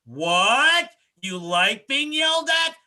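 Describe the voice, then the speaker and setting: A man voicing a loud, grumpy male shop owner ranting through a mock commercial. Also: big pitch swings, slow pace, heavily acted. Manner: shouting, sales-pitch ranting.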